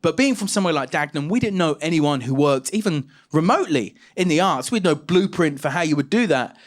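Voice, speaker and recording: A man's voice: on the high side, expressive, fast talker. A man in his thirties from England performing a stand-up comedy set, self-mocking and punchy.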